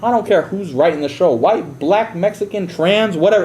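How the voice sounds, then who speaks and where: A man's voice: sits high, normal speed, darkish tone, slight background noise. A man ranting profanely and heatedly during a casual livestream, often slipping into mocking voices. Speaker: live streamer.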